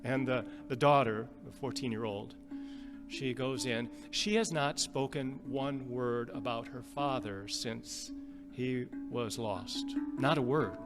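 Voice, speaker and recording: A man preaching in an ordinary middle-pitched voice, telling a story slowly and gently with halting repeats. His words ring out with a long reverb. Guitar music plays clearly behind him. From Upper Midwest US. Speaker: pastor. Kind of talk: sermon storytelling.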